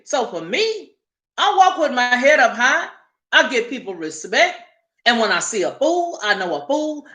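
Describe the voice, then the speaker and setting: A woman's voice: a little high, pushed and bright, echoey room. A woman hosting a casual livestream, talking emphatically and repeating points for effect. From Southern United States. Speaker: livestream host.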